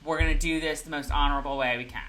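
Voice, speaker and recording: A woman co-hosting a casual TV recap show, animated and joking as she talks. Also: deep voice, racing. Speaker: podcast co-host.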